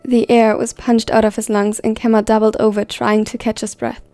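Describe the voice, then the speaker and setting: A woman reading a story aloud in a steady, even scripted narration. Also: on the high side, normal speed, dry recording, faint music behind. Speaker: fan fiction reader.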